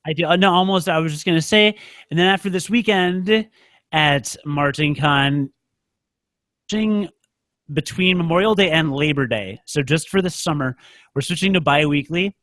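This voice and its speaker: A man's voice: on the high side, moderate pace, a bit bright, no room sound, studio quality. A man co-hosting a podcast in casual chat, rambling and joking at his own expense. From United States. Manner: rambling, self-mocking, joking. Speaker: podcast co-host.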